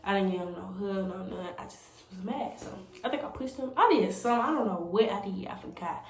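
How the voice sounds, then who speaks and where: A woman's voice: medium pitch, fast talker, gravelly. A young woman tells a rambling story in a casual vlog, with lots of "like" and "you know.". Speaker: vlogger. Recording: echoey room with faint noise.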